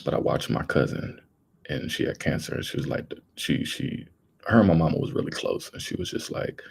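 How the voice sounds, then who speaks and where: A young man speaks casually on his livestream, rambling earnestly and calling his viewers "y'all." His voice sits very low, gravelly with fry and a husky edge. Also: sing-song, a little fast. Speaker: livestream host.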